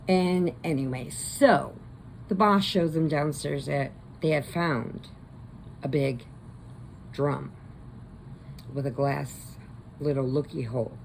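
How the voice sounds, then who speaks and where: Woman, gravelly and low-pitched, casual rambling storyteller, crochet-channel host. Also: slight background noise, low-quality recording. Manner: rambling, with quick put-on voices. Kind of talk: casual movie retelling.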